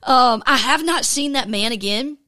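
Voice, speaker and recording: A woman's voice: high voice, normal speed, bright, forceful tone, no echo, clean studio sound. A middle-aged woman hosting a podcast, telling a story in a casual, self-mocking way with lots of fillers. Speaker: podcast host.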